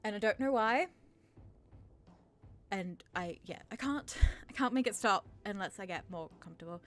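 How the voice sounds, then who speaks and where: A woman's voice: medium pitch, expressive, moderate pace, a bit bright. A woman of thirty from Australia with an English-sounding accent, answering viewer questions in a nervous, self-deprecating, rambling way. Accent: English-sounding, from a British father. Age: 30s. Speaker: channel host. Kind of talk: nervous Q&A chat to camera.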